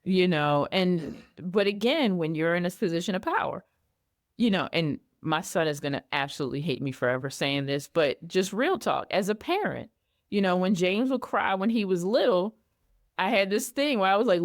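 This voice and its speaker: A middle-aged woman speaking candidly as an interview guest, telling personal stories in a lively way and acting out her own past reactions. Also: on the low side, normal speed, no room sound, clean studio sound. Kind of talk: candid conversational storytelling.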